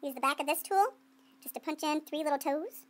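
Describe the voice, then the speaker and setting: A woman's voice: high voice, brisk. A woman art teacher giving a playful running commentary while she demonstrates clay sculpting to students.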